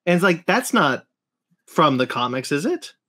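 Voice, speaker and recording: Podcast guy, kinda higher voice, keeps restarting his sentences. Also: big pitch swings, normal speed, bright, forceful tone. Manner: hesitant, restarts a lot, asks questions. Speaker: podcast co-host. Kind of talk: casual review chat.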